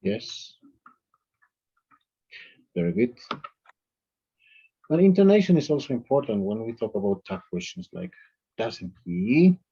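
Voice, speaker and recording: Male English teacher, warm and husky, reading example sentences to a class, dull lo-fi sound. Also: medium pitch, very animated, unhurried, pauses often. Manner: explains by reading out example sentences, calls on students. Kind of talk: classroom grammar lesson.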